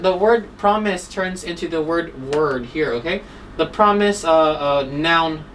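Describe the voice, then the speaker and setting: Lower-pitched woman teacher, slightly off-mic. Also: far from the mic, a little hiss or hum, rough recording. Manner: checks in with frequent "right?" and "okay?". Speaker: English teacher. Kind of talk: online exam-prep class.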